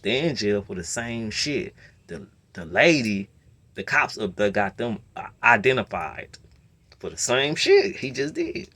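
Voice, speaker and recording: A man telling a long story in a casual rant, slipping between low muttering and loud outbursts. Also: wildly swooping pitch, unhurried. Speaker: storyteller host.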